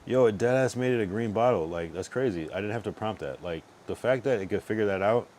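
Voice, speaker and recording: A man's voice: fairly low pitch, fast talker, crowd noise. A man streaming late at night, a bit tipsy, rambling loosely with plenty of profanity as he reacts to things on screen. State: tipsy from drinking.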